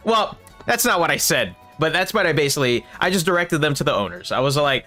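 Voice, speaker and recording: A man telling a storytime vlog, expressive and animated, swearing and laughing as he goes. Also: on the high side, a little fast. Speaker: streamer and video creator. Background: faint background music.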